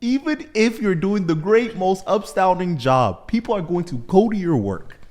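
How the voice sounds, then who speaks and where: A man's voice: sits high, sing-song, moderate pace, darkish tone. A man hosting a podcast in casual chat, laid-back and teasing, laughing often. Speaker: podcast host.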